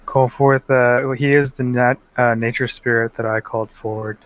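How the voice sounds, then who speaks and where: A man's voice: medium pitch, fairly even intonation, smooth. A man playing a tabletop game, hesitant and a little bashful as he reads his turn. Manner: slow, hesitant, bashful laughs. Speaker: player. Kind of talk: casual tabletop play.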